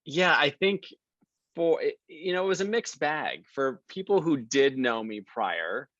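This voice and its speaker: A man's voice: a little high, unhurried, no echo, muffled recording. A man guesting on a podcast, chatting casually and acting out the people in his stories. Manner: lively storyteller, acts out quoted people. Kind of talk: casual interview chat.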